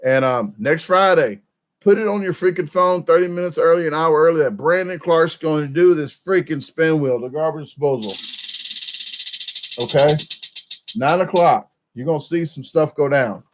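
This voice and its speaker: A middle-aged man chatting loosely to his viewers in a casual livestream. He rambles, corrects himself mid-sentence and keeps a friendly, unscripted flow. His voice sits a touch higher than most men's. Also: moderate pace. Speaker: channel host.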